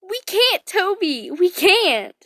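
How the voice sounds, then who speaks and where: A distraught young woman begs in a high, strained voice, as a woman reading aloud puts her on. The delivery is close and dry, with no room sound. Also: big pitch swings, slow, sharp tone, no room sound, heavily acted. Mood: pleading. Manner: pleading, voice rising.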